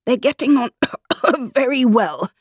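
A woman putting on a man choking on a mouthful of bread, coughing between words, his voice climbing high and lively. It is a storybook voice read in a dry, close room. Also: moderate pace, dry recording, exaggerated voice. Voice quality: coughing, choked voice. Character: choking, coughing male Hatter with full mouth.

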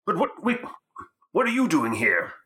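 A man's voice: high-pitched, huge pitch swings, moderate pace, bright, forceful tone, pitched above the performer's own voice, exaggerated voice. A man voicing an evasive older card player who rambles his way out of questions.

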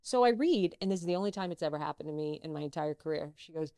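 A middle-aged actress, a guest in a casual interview, telling personal stories and acting out what others said. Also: female voice, low-pitched, rapid-fire, no room sound, studio quality. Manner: animated, acts out quoted dialogue.

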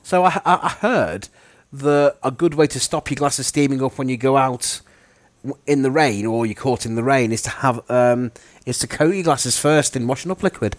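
A man's voice: medium pitch, normal speed, dry recording. Rambling self-mocking man. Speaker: podcast co-host. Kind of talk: casual chat.

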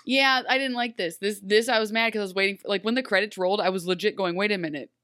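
Animated woman in a dry room. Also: mid-range voice, fast, smooth, dry recording. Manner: animated, laughing, acts out characters' lines. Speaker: podcast co-host. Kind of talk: casual recap chat.

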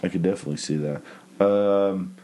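A man casually talking about a movie with friends, relaxed and rambling, with many fillers. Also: low voice, fairly quick.

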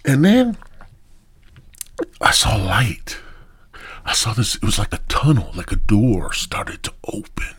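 Husky slow-talking man telling a crude story. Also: mid-range voice, expressive. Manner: profane, swings between loud and hushed whispers. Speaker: podcast host.

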